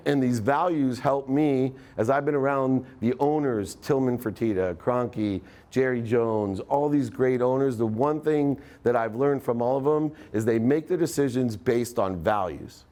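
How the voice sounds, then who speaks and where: A man's voice: mid-range voice, a little slow, a little mellow. Man telling a motivational story on stage. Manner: storytelling, acts out quoted dialogue. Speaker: motivational speaker. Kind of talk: live motivational talk to an audience.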